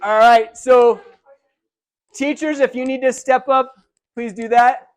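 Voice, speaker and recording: A man giving a live motivational keynote, energetic and interactive, calling out to a big audience in a large hall. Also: very high-pitched, takes it slowly. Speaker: keynote speaker.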